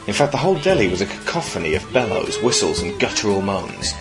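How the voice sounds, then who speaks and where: A man reading his own comic short story aloud in a dry, deadpan way on a podcast. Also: fairly low pitch, fast talker, over music, rough recording.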